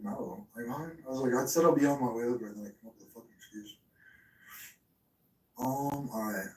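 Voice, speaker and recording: A young man rambles through crude, boastful stories to his live chat from home. His voice sits at an ordinary pitch, echoing around the room and heard from a little away from the mic. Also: a bit bright, recorded from a distance. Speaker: live streamer. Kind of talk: casual livestream chat.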